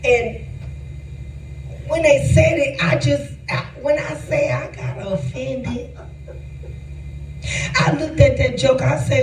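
A man giving a sermon in a lively, conversational preaching manner, joking and laughing with the congregation. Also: very high-pitched, slow, pauses often, a little hiss or hum. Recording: echoey room, voice from far off.

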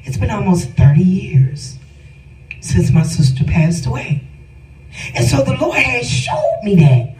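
A woman's voice: medium pitch, a little mellow. A middle-aged woman telling a personal testimony with feeling, speaking emphatically and addressing her listeners directly. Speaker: storyteller giving a testimony. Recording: roomy sound from a distant mic with faint music.

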